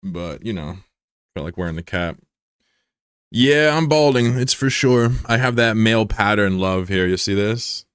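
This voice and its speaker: A man's voice: on the low side, measured pace, a bit bright, clear, resonant tone, no room sound, clean studio sound. A man streaming live, chatting casually with his viewers, joking and swearing as he banters with chat.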